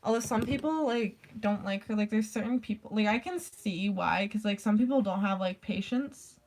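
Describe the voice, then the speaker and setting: Speaking at a moderate pace in a mid-range, slightly mellow voice, a woman vlogs in a casual, chatty way. Her talk wanders, full of "like" and the occasional casual curse.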